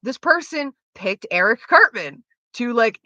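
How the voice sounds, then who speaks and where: A woman streamer in casual chat with her viewers, rambling fast and swearing freely. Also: on the high side, sing-song, sharp tone, no echo, highs cut off.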